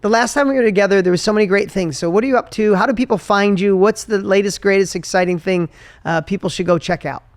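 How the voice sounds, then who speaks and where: A man's voice: high-pitched, fast talker. A man hosting a podcast, chatting with his guest in an encouraging way and laughing often. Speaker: podcast host. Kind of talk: casual interview chat.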